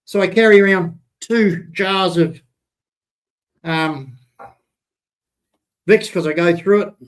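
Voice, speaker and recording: Male streamer, higher voice, winded, rambling then swearing hotly, casual live chat. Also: takes it slowly. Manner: rambling, hesitant, then heated and profane. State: short of breath. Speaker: livestream host.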